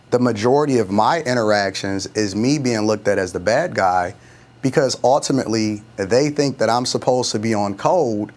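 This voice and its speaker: A man speaking as a guest on a television panel in an earnest, emphatic way. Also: mid-range voice.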